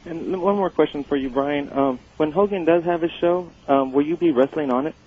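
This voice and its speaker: A man from Texas calls in with quick, casual questions. He talks fast. His line sounds dull and lo-fi, with faint hiss behind him. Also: fairly high pitch. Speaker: caller. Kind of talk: phone-in question. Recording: dull lo-fi call with faint noise.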